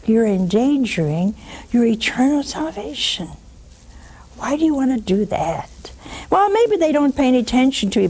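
Lady hosting a religious call-in show, kinda high voice, gets all animated then goes hushed to make a point. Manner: animated, mocks with put-on quotes, drops to a hushed whisper for emphasis. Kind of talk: religious teaching and call-in talk.

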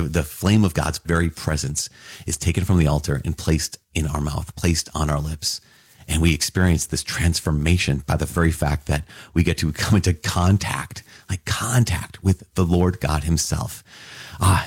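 A man teaching about scripture to a Catholic audience in an excited, marveling way, with casual asides to his listeners. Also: sits low, normal speed, breathy edge, no room sound. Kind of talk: enthusiastic scripture reflection.

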